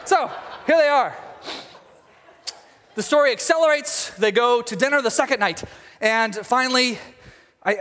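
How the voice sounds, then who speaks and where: A man preaching a sermon, retelling a story with animated storytelling and acting out the characters. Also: high voice, big-room sound.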